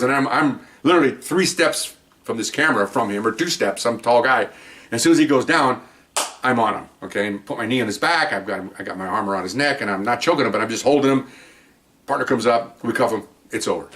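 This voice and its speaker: Older ex-cop telling war stories. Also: male voice, mid-range voice. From Mexican-American background. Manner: animated, acts out quotes, frequent "okay?" asides. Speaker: retired police officer storyteller. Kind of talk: casual storytelling to camera.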